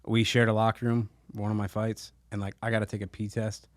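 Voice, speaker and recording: Laid-back, swearing fighter guest. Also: male voice, on the low side, level tone, brisk, no echo, studio quality. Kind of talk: casual interview.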